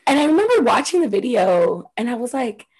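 A young woman with a slightly high, breathy voice chats loosely on a podcast. She swears freely and laughs often as she talks. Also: sing-song, a little fast, a little mellow. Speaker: podcast co-host. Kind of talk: casual chat.

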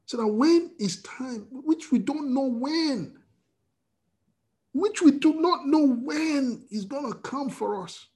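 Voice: high voice, lively intonation, slow, darkish tone. A preacher giving an emotional, fervent sermon, often restarting phrases.

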